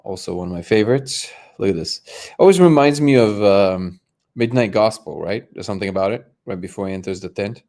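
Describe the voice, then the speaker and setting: A man's voice: on the low side, animated, brisk, a little mellow. A man hosting a casual livestream chat, talking in a rambling, hesitant way with many fillers and restarts, sometimes moving away from the mic. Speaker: livestream host.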